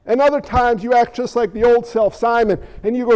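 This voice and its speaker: High-voiced male pastor preaching. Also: a little fast. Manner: animated, acts out quoted voices. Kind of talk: sermon. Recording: echoey hall, dull lo-fi sound.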